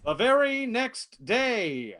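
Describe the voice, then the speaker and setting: Guy doing solo improv on a video call, laughs a lot, slow and lively. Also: extremely high pitch, a little hiss or hum. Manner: laughs often, jumps between characters.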